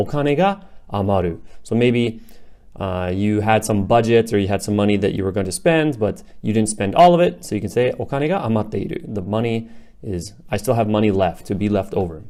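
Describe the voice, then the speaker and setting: Young male teacher, low mellow voice, laid-back explainer full of fillers. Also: normal speed. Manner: relaxed, many fillers like "you know" and "like". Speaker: Japanese teacher. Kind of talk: casual language lesson.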